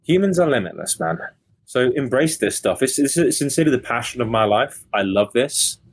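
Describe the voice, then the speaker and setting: A man's voice: medium pitch, lively intonation, a little fast, slightly rough. A man on a podcast speaking in an earnest, motivational way about self-improvement, often repeating words as he starts a thought. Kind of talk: casual podcast talk.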